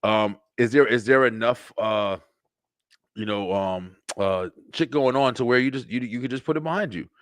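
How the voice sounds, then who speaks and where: A man's voice: medium pitch, moderate pace, dry recording. Rambling, cursing man, dry sound. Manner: rambling, profane, animated, with lots of filler and repeated words. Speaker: webshow host. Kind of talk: casual livestream monologue.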